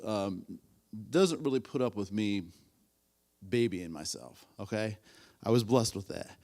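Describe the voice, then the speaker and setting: A man's voice: mid-range voice, darkish tone. A man in his fifties teaching a Sunday school class in a casual, rambling way, often repeating himself and asking the class questions. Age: 50s.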